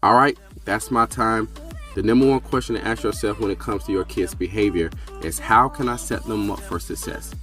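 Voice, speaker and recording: A man hosting a parenting show, calmly explaining behavior strategies and speaking straight to parents. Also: lowish voice, normal speed, music in the background. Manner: calm, instructive, addresses parents directly. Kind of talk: direct-to-camera parenting advice.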